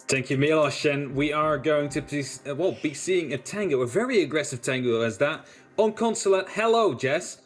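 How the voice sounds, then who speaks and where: A man's voice: fairly high pitch, normal speed, faint music behind. A man casting a live esports match, chatty and self-deprecating, working through tactical analysis. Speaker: esports caster.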